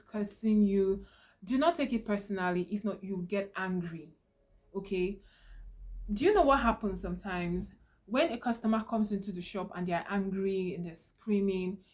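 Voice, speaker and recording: A woman of middle pitch speaks straight to the viewer in a calm, instructive tone. She hosts her own advice channel and checks in often with a rhetorical "okay?". Her delivery stays even and reassuring. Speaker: channel host giving business tips. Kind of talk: direct-to-camera advice talk.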